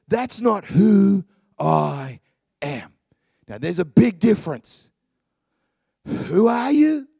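A middle-aged male preacher with a high, gravelly voice, delivering a passionate sermon. He takes his time, drops to near whispers and rises to shouts. The sound is close and dry. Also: dry recording. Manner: passionate, swings from hushed murmurs to shouts.

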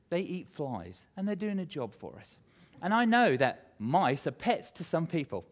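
Male pastor preaching, fairly high voice, swoops up and down a lot, jokey storytelling. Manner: animated, self-mocking humor. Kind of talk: sermon with scripture reading and storytelling.

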